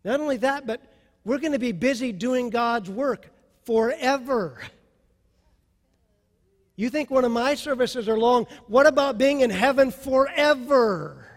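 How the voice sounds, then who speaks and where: A male pastor preaching a sermon with passion, dropping soft and then rising to loud. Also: very high-pitched, a little slow, long reverb tail.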